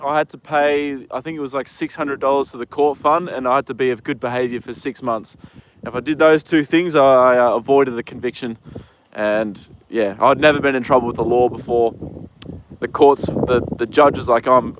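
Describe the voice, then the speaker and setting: A young man telling stories outdoors on a casual live stream, rambling and relaxed, with lots of fillers and the odd swear word. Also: medium pitch, brisk. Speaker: live streamer working in horse racing. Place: outdoors with horses in the wind. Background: faint wind noise.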